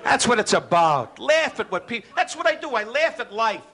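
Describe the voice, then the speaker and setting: A man from New doing live stand-up insult comedy, firing brash rapid jabs at audience members. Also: very high-pitched, very animated. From New York. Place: live club stage before an audience. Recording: noisy archival live recording, loud crowd laughter.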